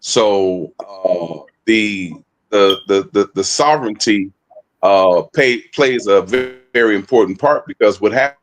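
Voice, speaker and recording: A lower-voiced man talks in a casual online discussion, stopping often with "uh" and "um" and restarting his sentences. He is speaking through a phone. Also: a little hiss or hum. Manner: halting, many fillers and restarts. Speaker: co-presenter.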